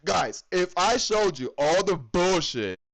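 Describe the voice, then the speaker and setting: A man from the United States rants heatedly about hockey with constant swearing. His voice sits high for a man and swings widely up and down as he hammers his points home again and again. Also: very animated, slow, low-quality recording. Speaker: hockey fan vlogger. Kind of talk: profane ranting commentary.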